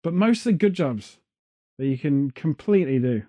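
A man's voice: on the high side, animated, normal speed, dark tone. A man hosting a podcast in casual chat, rambling from joke to joke and off on tangents. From England. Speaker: podcast host. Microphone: headphones on, studio mic.

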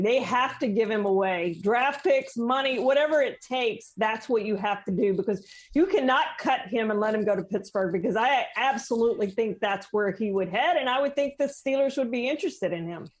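A woman co-hosting a sports talk show, speaking in a steady, measured way. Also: a little high.

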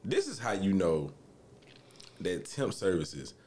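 A young man, telling a story in a casual podcast chat, animated and swearing freely. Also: slow, a little hiss or hum. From Alabama, US. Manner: animated, swearing, acts out quotes in high voices. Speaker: podcast co-host.

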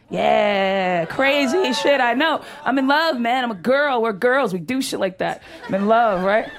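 A woman's voice: on the high side, noisy background. A woman doing a brash, profane stand-up comedy set on stage, talking animatedly and laughing often. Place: comedy stage before an audience.

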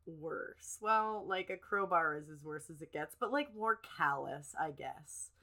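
A woman's voice: deep voice, animated, takes it slowly, pushed and bright. A congested woman co-hosting a podcast, going through the details of a true-crime case in casual chat. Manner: narrating case details from notes. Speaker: podcast co-host.

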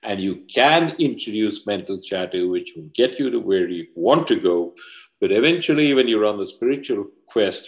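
A man, a personal mastery coach, explaining ideas through parables as an interview guest, measured and deliberate. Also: fairly low pitch, a little mellow. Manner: measured storyteller.

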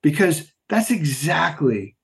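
A middle-aged man telling stories as an interview guest, emphatic and animated, often asking rhetorical questions. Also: a little high, slow pace, vocal fry. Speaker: podcast guest, former Navy SEAL. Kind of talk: storytelling interview.

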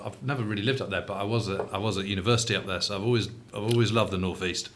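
A man hosting a relaxed interview, chiming in with short agreements and eager asides. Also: fairly low pitch, racing, a little hiss or hum. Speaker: podcast host. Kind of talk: casual interview chat.

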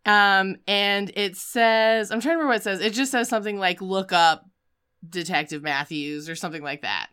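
A woman hosting a casual chat, telling a story with animated energy and bursts of acted-out shouting. Her voice is very bright and exceptionally clear. She talks loosely, with fillers and quick asides. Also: medium pitch. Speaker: podcast host recapping films.

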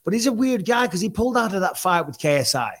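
A man's voice: sits high, big pitch swings, quick pace, fairly bright tone. A man co-hosting a podcast, telling stories in casual chat and acting out the exchanges he quotes. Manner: storytelling, acts out quoted exchanges. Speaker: podcast co-host.

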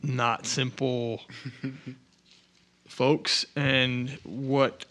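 A man's voice: medium pitch, level tone, very slow, fairly bright tone. A man co-hosting a podcast in casual chat, talking earnestly with many hesitations. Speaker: podcast co-host.

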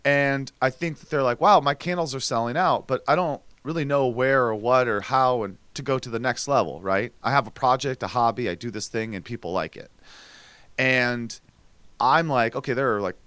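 Brief man, podcast co-host, casual animated storyteller, medium pitch, dry close sound. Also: normal speed, smooth, no echo. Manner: chatty, animated storytelling with restarts. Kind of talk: casual chat.

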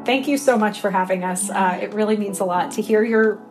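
A woman's voice: medium pitch, brisk, soft background music. A woman author answering interview questions with earnest passion, using lots of fillers as she talks. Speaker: author and guest.

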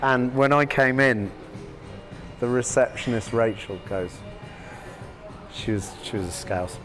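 A man in his fifties, a podcast guest telling long anecdotes in a halting, rambling way full of restarts. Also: mid-range voice, fairly bright tone, faint music behind. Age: 50s. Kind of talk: anecdotal storytelling.

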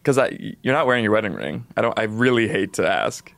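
A man's voice: lowish voice, lively intonation, quick pace, gravelly, fairly bright tone, dry recording. A man playing an awkward, earnest male office coworker who voices concern in a hesitant, blunt way in an improvised comedy sketch. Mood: sheepish.

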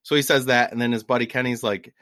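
A man in his forties, a podcast guest telling travel stories in an animated, laughing way. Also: medium pitch, quick pace, dry recording. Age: 40s. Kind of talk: casual storytelling.

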